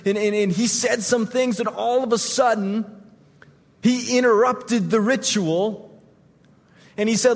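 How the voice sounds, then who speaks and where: A man preaching a sermon as pastor, retelling scenes vividly and swinging from loud to hushed. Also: high voice, steady tone, measured pace, vocal fry, pauses often, in a large hall.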